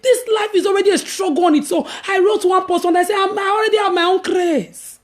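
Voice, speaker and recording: Woman, Nigerian accent, high pitch, animated storytelling, dramatic loud-to-hushed swings. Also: fairly quick. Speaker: evangelist vlogger. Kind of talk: casual storytelling monologue.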